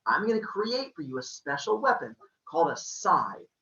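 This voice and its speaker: A man plays a weary mother goddess laying out a scheme, matter-of-fact. The tone is bright and lively. It sounds roomy, distant and a little dull. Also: a little high, moderate pace, full character voice. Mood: scheming.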